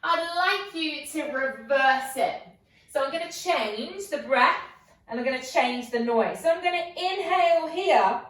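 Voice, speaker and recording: A woman's voice: high voice, animated, measured pace, fairly bright tone. A woman guiding a yoga class, encouraging and playful, asking coaxing questions. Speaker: yoga instructor. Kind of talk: guided yoga class instruction. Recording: very echoey room, voice from a distance.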